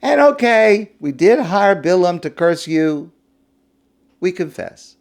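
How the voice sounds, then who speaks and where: A man's voice: sits high, sing-song, takes it slowly, vocal fry, darkish tone, voice pushed up, exaggerated voice. A man voicing entitled pleading ancient nations. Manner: pleading, self-justifying.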